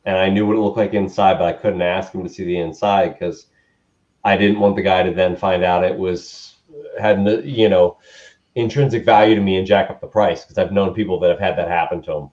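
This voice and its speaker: A man telling a story as an interview guest, animated and acting out what people said, with laughs. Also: low-pitched, brisk. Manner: animated, acts out quotes with laughs. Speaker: guest musician. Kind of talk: casual storytelling. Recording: dull lo-fi sound.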